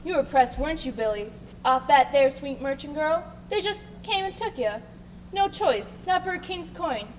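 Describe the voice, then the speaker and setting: A woman's voice: high voice, lively intonation, normal speed. A woman playing a bitter, rebellious male sailor with coarse, crude talk in a live stage play. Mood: persuasive. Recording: stage recording with faint noise.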